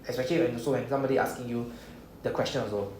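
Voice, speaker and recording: A man's voice: medium pitch, fairly even intonation, very fast, a little mellow. A man with a Singaporean English accent teaching a beginner Japanese class in a classroom, checking in often with "okay?" and "right?". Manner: explains patiently, frequent "okay?" and "right?" checks. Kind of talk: classroom lesson. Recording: echoey room, faint background noise.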